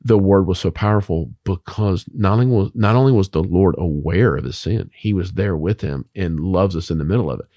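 Christian author guy, really low voice, preachy and emphatic, talking faith. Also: a little fast, few pauses, warm tone, no room sound. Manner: emphatic, preacher-like, rhetorical questions.

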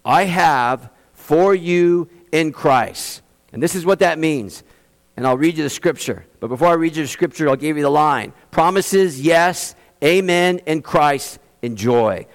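A man preaching a sermon as a pastor, emphatic, speeding up for asides and slowing to stress key phrases. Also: fairly high pitch, expressive, long reverb tail. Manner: emphatic, shifts between quick asides and slow stressed phrases. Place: church in Austin, Texas.

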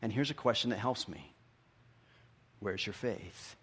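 A pastor in his fifties preaching a sermon, telling stories with animation and dropping to hushed, repeated questions. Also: on the low side, unhurried, pauses often, slightly rough. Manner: animated storytelling, swings from hushed questions to lively retellings. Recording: long hall reverb.

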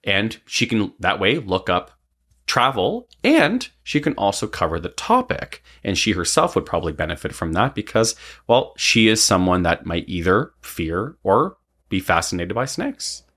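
A man's voice: lowish voice, big pitch swings, moderate pace, a bit bright, breathy edge. A man of about forty telling a personal story in a casual, rambling way, often asking "right?" between thoughts. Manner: rambling, frequent "um" and tag "right?".

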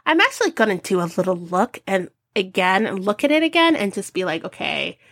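A woman hosting a podcast, chatting casually about movie picks and acting out scenes in high voices. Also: sing-song, a little fast, a bit bright, dry recording. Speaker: podcast host.

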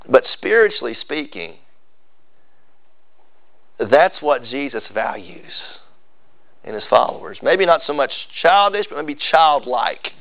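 A man's voice: mid-range voice, clear, resonant tone, highs cut off. A male pastor, preaching a sermon with emphatic, building repetition.

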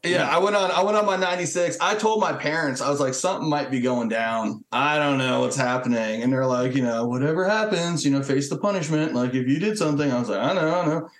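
A man's voice: a little high, fast, hardly any pauses. A man telling stories casually as a veteran guest, swearing often and acting out quotes. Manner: profane and animated, acting out quotes. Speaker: Marine Corps veteran guest. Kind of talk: casual storytelling. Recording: echoey room.

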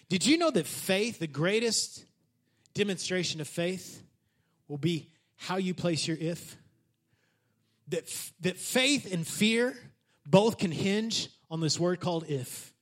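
A male pastor delivers a sermon in a lively, conversational style, frequently putting questions to the congregation. His voice is high and his pace slow.

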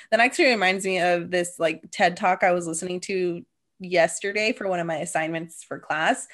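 A young adult woman co-hosting a podcast, telling stories in casual chat and saying "like" a lot. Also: mid-range voice. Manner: chatty storyteller, heavy use of "like". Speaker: podcast co-host.

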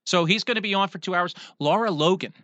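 A man's voice: high-pitched, quick pace, sharp tone, no echo, dull audio. A man with a Philadelphia accent hosting a casual talk radio chat, emphatic and often restarting his sentences. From Pennsylvania. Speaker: radio host.

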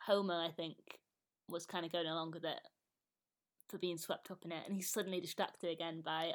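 A woman co-hosting a podcast, relaxed and quick to laugh while discussing an episode. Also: fairly low pitch. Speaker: podcast co-host. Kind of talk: casual chat.

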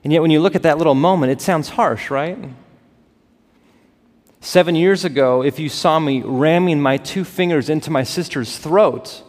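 Pastor, male, fairly high voice, preaching with passion in a reverberant church hall. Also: normal speed. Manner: impassioned, builds to emphatic peaks then drops soft. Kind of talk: sermon. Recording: long reverb of a large hall.

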